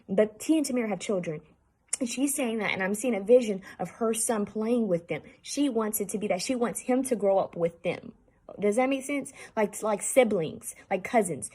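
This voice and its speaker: A woman giving a channeled spirit reading, talking earnestly and haltingly to her viewers and repeating herself as she relays messages. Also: mid-range voice, darkish tone, breathy edge. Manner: halting, repetitive, earnest, addresses viewers directly. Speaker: spiritual medium.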